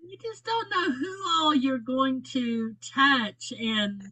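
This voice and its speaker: A woman's voice: sits high, big pitch swings, slow pace, bright, forceful tone, slightly rough, no room sound, rough recording. A woman hosting a casual chat, giving friendly, encouraging advice.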